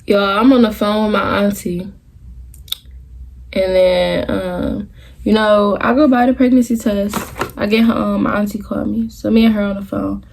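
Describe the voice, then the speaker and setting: A woman's voice: medium pitch, fairly even intonation, normal speed, vocal fry, darkish tone. A young woman in her twenties telling a casual storytime, candid and profane, talking straight to viewers in loose, rambling asides. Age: 20s. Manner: talks in loose run-on asides, restarts the story. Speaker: vlogger.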